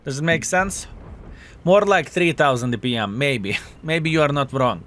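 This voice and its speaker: Excitable swearing man streaming a game. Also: a little high, normal speed. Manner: swearing, excitable, greets chat viewers. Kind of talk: live gameplay commentary and chat reading.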